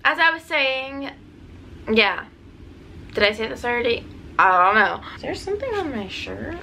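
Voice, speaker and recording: A woman's voice: a little high, sing-song, moderate pace, gravelly, sharp tone, a little hiss or hum, poor audio. A young woman rambling jokily through a casual Q&A vlog, full of fillers and asides. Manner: rambling, jokey, lots of fillers. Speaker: DJ and YouTuber.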